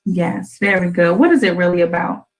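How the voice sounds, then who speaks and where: A woman hosting a radio show, chatting gently and playfully with her young daughter and teasing her with questions. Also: lowish voice, moderate pace, low-quality recording.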